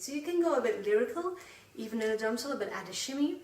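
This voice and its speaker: Woman, dance teacher, counting beats, slow, a bit breathless, raised voice, roomy and away from the mic, loud music behind. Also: on the high side, lively intonation, distant mic. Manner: counts beats aloud while dancing. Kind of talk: live online dance class, counting steps. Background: loud Middle Eastern music.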